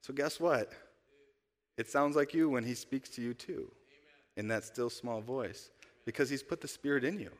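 In a church sanctuary, a male pastor delivers a conversational sermon, posing rhetorical questions to the congregation. His voice sits at a medium pitch and moves at a moderate pace. The recording carries a long church-hall reverb.

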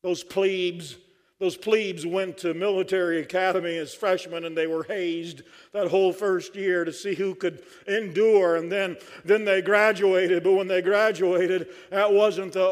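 A man's voice: sits high, steady tone, measured pace. A man preaching a sermon at a conference, fervent and dry-humored. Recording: long hall reverb.

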